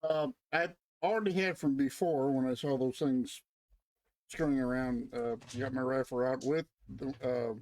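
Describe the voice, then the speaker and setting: A man's voice: medium pitch, fairly even intonation, normal speed, a little mellow. A man playing a tabletop game, describing his moves in a hesitant, searching way. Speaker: player. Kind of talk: casual tabletop play.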